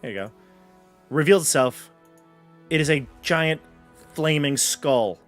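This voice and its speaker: A man running a tabletop game as dungeon master, talking in a relaxed, rambling way with fillers. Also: fairly high pitch, slow, faint music behind.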